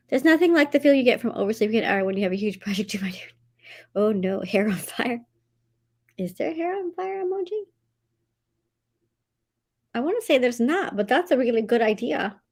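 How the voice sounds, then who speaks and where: A woman hosts a relaxed live writing session from home, greeting people and reading their comments aloud. Her voice sits a little high and swings widely. When she gets excited it shoots up, and she laughs often between lines. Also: brisk, long pauses. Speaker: livestream host of writing sprints. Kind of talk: casual livestream chat, reading out viewer comments.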